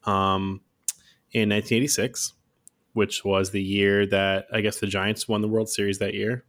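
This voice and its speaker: A man's voice: lowish voice, flat delivery, moderate pace, fairly bright tone. A man in his thirties co-hosting a podcast, laid-back and chatty, laughing often and using lots of fillers. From San Francisco Bay Area, USA. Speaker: podcast co-host. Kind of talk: casual podcast chat.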